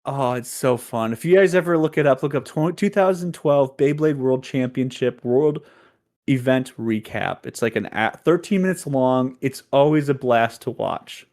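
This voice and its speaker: A man's voice: medium pitch, normal speed, darkish tone. A man guesting on a casual podcast, rambling with lots of fillers and giggles.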